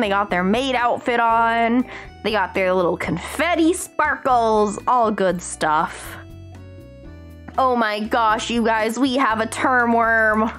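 A woman's voice: a little high, fairly bright tone. A woman hosting a casual live stream, chatting in a bubbly, gushing way with lots of slang. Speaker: streamer host.

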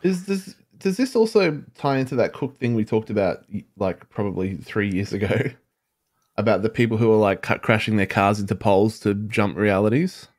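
A man's voice: fairly low pitch, normal speed, a little mellow. A man, a podcast co-host who talks bluntly and swears casually. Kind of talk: casual chat.

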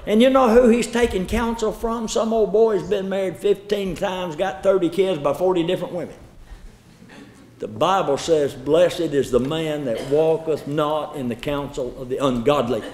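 A man preaching a folksy sermon. He tells stories, repeats words and draws some phrases out slowly. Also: a little high, darkish tone. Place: church lecture hall. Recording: echoey hall.

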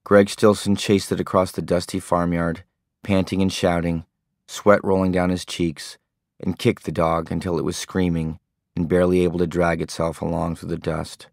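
A man with a very low voice reads an audiobook in a calm, understated manner. He sounds close and dry, as if recorded in a quiet studio booth. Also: normal speed, creaky, no echo. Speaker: audiobook narrator. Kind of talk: scripted narration.

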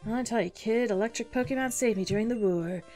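A woman's voice: fairly high pitch, fast talker, dark tone, soft background music, natural voice. A woman voicing a brash army veteran gym leader. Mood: boastful. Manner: boastful, taunting.

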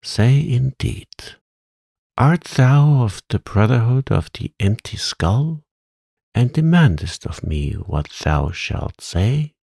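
A man voicing a stern, grim old witch woman, slow and archaic. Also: sits low, big pitch swings, creaky, darkish tone, slightly rough, no room sound, exaggerated voice. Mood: mocking.

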